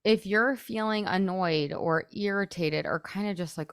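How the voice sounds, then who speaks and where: A woman's voice: mid-range voice, lively intonation, normal speed, few pauses, fairly bright tone, no room sound, clean studio sound. A woman in her thirties, a podcast host, coaching in a chatty, casual way, full of "like" and acted-out inner thoughts.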